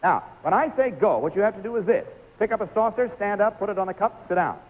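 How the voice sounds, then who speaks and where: A man's voice: high voice, animated, quick pace, phone-quality sound. A man hosting a live 1950s television game show, coaxing contestants through stunts with a jovial, laughing manner.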